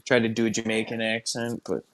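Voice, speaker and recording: A man's voice: fairly low pitch, monotone, a little fast, slight background noise. A man hosting a casual chat, playful and goofy, trying silly voices.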